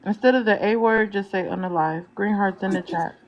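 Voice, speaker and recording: A woman hosting a live panel, giving brisk, direct instructions to the guests. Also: medium pitch, muffled recording, a crowd in the background. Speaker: panel host.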